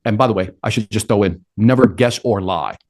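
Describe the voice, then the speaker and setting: A man's voice: on the low side, fairly quick, darkish tone. A middle-aged man answering interview questions with energy, acting out quotes and his own inner talk. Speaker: sales speaker and interview guest.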